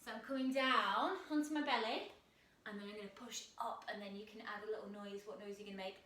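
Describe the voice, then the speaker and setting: A woman's voice: mid-range voice, steady tone, quick pace, bright, forceful tone, a little hiss or hum. A woman guiding a children's yoga class, playful and encouraging, heard from a distance in a roomy space. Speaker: kids yoga instructor.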